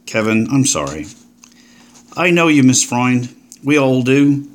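A man's voice: mid-range voice, very animated, slow. A man voicing a jaunty British paleontologist. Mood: breezy. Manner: jaunty, breezy, old-fashioned turns of phrase. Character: upbeat British male paleontologist, forty, brash. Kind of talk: audiobook character voice.

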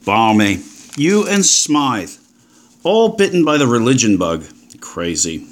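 Brief: man playing a breezy British paleontologist of forty, brash, sing-song lively delivery. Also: mid-range voice, takes it slowly, a little hiss or hum. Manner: jaunty, breezy, old-fashioned turns of phrase. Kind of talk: audiobook character voice.

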